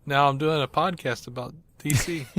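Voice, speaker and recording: A man's voice: a little high, a little slow, a bit bright, dry recording. A man hosting a podcast, telling rambling stories in casual chat and laughing often. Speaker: podcast host.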